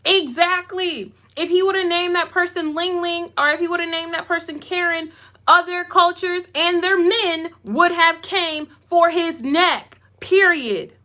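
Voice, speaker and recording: A woman's voice: extremely high pitch, measured pace, sharp tone. A woman YouTuber doing live commentary and reading comments, talking emphatically and repeating herself for emphasis. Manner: self-described goofy.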